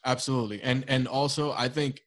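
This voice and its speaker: A young man, co-hosting a casual podcast chat, swearing freely and telling animated stories. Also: mid-range voice, brisk, no room sound. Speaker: podcast co-host.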